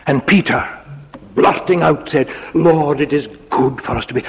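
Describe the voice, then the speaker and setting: A man's voice: a little high, unhurried, slightly rough. A man preaching a sermon dramatically, dropping to a whisper on key words. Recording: lo-fi recording in a reverberant hall.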